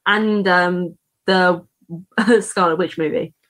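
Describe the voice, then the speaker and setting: A woman's voice: lowish voice, steady tone, takes it slowly, fairly bright tone. Chatty female co-host, rambling, giggly, lots of "like" and "um". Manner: rambling, laughs often, many fillers. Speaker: podcast co-host. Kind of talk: casual chat.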